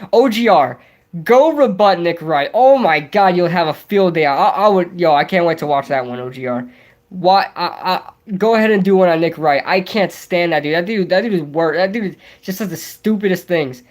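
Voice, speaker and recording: Young dude rambling on a livestream, reading chat and riffing, kinda high voice. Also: male voice. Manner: rambling, excitable, reads and answers chat. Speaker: livestream host. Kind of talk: casual live chat with viewers.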